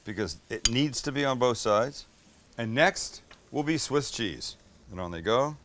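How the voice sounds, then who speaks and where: A middle-aged cooking show host works at a flat-top grill, talking with casual enthusiasm, cracking jokes, and letting mild profanity slip. His mid-range voice is expressive and measured, with background noise present.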